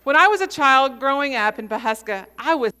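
A woman in her forties preaching a sermon, telling a story with measured, dramatic pauses. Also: high voice, lively intonation, sharp tone, smooth, big-room sound. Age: 40s.

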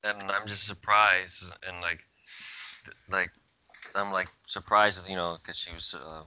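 A man's voice: sits low, fairly even intonation, unhurried, bright, forceful tone, slight background noise. A man playing a tabletop game who talks hesitantly with many fillers. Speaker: player. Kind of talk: tabletop role-play chat.

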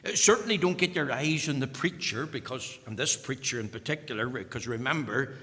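A man preaching a sermon, emphatic and repetitive, his voice swelling to loud peaks and falling back. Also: mid-range voice, a little fast. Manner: emphatic, repeating phrases, rising to loud peaks. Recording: long hall reverb.

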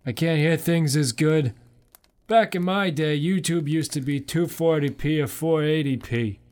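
A man's voice: a little high, a little slow, a little mellow, natural voice. A man putting on a cranky old grandpa. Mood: grumbling. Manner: cranky rambling reminiscing. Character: grumpy forgetful old grandpa in a nursing home.

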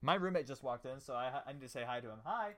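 A man's voice: medium pitch, expressive, fast, no echo. A man co-hosting a casual podcast chat, talking ideas through in a thoughtful, analytical way. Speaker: podcast co-host.

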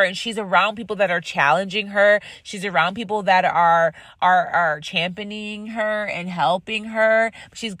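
A woman host telling a story in a casual, animated way, rambling with frequent restarts. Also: medium pitch, no echo, clean studio sound.

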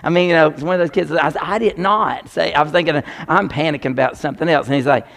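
Joking, animated preacher man. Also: a little high, quick pace, creaky. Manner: animated, joking, talks to the congregation directly. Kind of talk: sermon.

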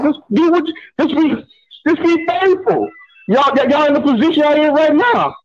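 A male caller on a radio show, laid-back and reassuring, repeating himself to calm listeners. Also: extremely high pitch, fairly quick, crowd noise, poor audio. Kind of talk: call-in radio chat.

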